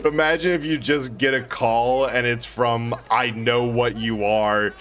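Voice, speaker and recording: A man's voice: medium pitch, steady tone, unhurried, fairly bright tone, slight background noise. A man chatting casually and joking to his viewers while he plays a video game on a live stream, laughing often. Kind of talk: casual live gameplay commentary.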